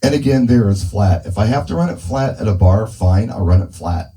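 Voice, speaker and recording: Man, casual gear-demo talker, low dark tone, handheld mic through a speaker. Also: animated, a little fast, low-quality recording. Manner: thinking aloud while adjusting settings. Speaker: mobile DJ testing gear. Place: indoor room with a speaker. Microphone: handheld dynamic mic through a PA speaker.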